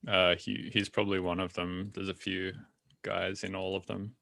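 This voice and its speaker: A man's voice: sits low, flat delivery, normal speed, gravelly, pushed and bright, no room sound, clean studio sound. A man hosting a podcast in casual chat, loose and swearing, with lots of fillers. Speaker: podcast host.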